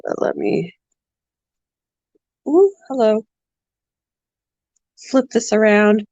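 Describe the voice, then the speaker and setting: A woman hosting a casual pet livestream at home. She talks softly, sometimes in a whisper, and coos at her animals in baby talk. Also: mid-range voice, sing-song, very slow, no echo, dull audio. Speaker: pet channel host.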